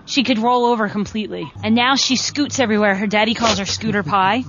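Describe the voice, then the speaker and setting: A woman in her thirties, a wrestler, telling stories in a chatty, animated way as an interview guest. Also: mid-range voice, brisk, a little hiss or hum. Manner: chatty, animated, lots of "like" fillers. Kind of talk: casual storytelling over a call. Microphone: phone. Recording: dull lo-fi phone-line audio.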